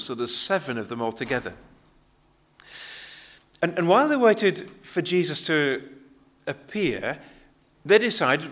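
A man's voice: a little high, sharp tone. A male pastor giving a conversational sermon, often restarting his phrases as he explains a Bible passage.

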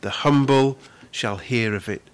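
Speaking at mid pitch with a clean tone, a pastor preaches earnestly and conversationally. Words often get repeated as he finds his next thought, and his pace drops sharply whenever he leans on a scripture quotation.

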